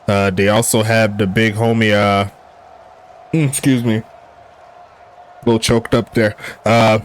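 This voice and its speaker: A man calling a simulated football game play by play in a relaxed streaming style, joking with chat and rising on big plays. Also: lowish voice, moderate pace, long pauses, smooth. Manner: laid-back, laughs at jokey player names, excitable on big plays. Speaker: play-by-play commentator. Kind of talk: casual sim football commentary.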